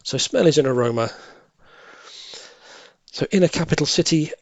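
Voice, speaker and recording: A man thinking aloud as he works through cryptic crossword clues, musing and correcting himself, with quiet half-muttered asides. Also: fairly high pitch, moderate pace, no room sound. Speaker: crossword solving tutor.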